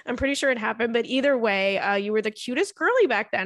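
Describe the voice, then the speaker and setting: A woman, hosting a podcast and reading listener stories aloud in an animated, swearing, laughing way. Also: a little high, fast talker, no echo, studio quality. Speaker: podcast host.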